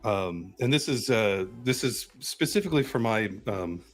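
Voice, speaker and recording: A man hosting a casual live-stream chat, talking quickly and upbeat with plenty of loose fillers and restarts. His voice sits on the low side. Faint music plays underneath. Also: expressive. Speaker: host.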